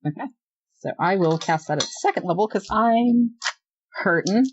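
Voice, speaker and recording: A player in a tabletop game, quick and joking, swearing casually while taking their turn. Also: mid-range voice, animated, a little hiss or hum. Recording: dull lo-fi recording.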